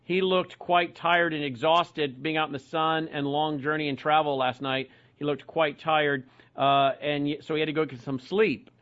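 A man hosting a radio and television call-in talk show, briskly reading out web addresses and phone numbers. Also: on the high side, steady tone, a bit bright. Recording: muffled broadcast audio.

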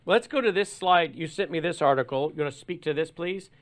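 A man's voice: on the high side, brisk. Talk show man leading the talk. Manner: leading, asks for agreement. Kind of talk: radio talk show discussion.

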